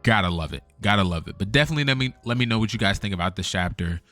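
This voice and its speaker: A man giving a casual, excited reaction to a new manga chapter, talking like a chatty fan. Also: lowish voice, very fast, faint music behind. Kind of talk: casual live reaction commentary.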